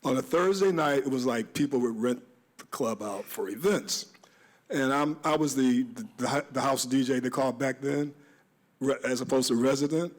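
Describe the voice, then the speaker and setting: Man, panelist and DJ, rambling storyteller, mid-pitched voice. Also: normal speed. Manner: rambling, reminiscent, with many restarts.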